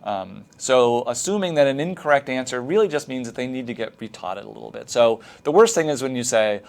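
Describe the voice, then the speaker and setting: Middle-aged male lecturer, mid-pitched voice, relaxed and explanatory, filler-heavy teacher-training talk. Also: a little fast, creaky, hardly any pauses.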